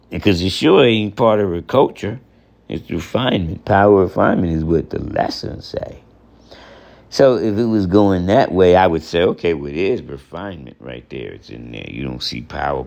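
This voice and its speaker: A man's voice: low-pitched, vocal fry. A man giving an informal spoken lesson. He rambles and repeats himself, counts off terms one by one, and keeps checking with the listener. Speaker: teacher of religious lessons.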